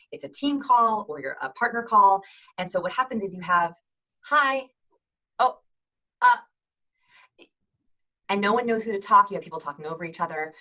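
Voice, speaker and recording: A bright, fast-paced woman coaching viewers through tips in an upbeat instructional video. She talks with lively energy in a slightly low voice and breaks into quick demonstrations of greetings. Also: rough recording. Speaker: host giving video call tips.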